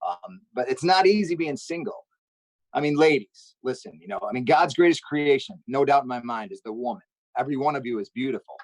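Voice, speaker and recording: A man doing an upbeat stand-up comedy set on a charity stream, telling jokey stories with quick asides. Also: medium pitch, animated, no echo, rough recording.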